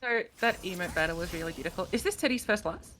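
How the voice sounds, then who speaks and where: A woman's voice: on the low side, expressive, fast, a bit bright, slight background noise. A woman from the Americas casting a live esports match, analytical and thinking aloud, often second-guessing her own reads. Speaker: esports co-caster. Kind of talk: live esports game commentary.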